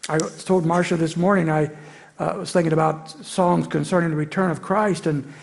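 A man's voice: a little high, steady tone, moderate pace, creaky. A middle-aged man preaching a sermon as pastor, earnest and building to emphatic peaks.

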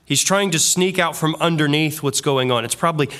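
Earnest, slightly high-voiced male preacher. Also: brisk, few pauses, fairly bright tone. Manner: earnest, conversational preaching with vivid acted-out examples. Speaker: pastor. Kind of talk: expository sermon.

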